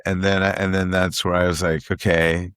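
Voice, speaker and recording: A man's voice: sits low, little pitch movement, normal speed, fairly bright tone, clean tone, dry recording, studio quality. A middle-aged man, a guest comedian telling stories in casual chat, who repeats phrases for emphasis and acts out what other people said.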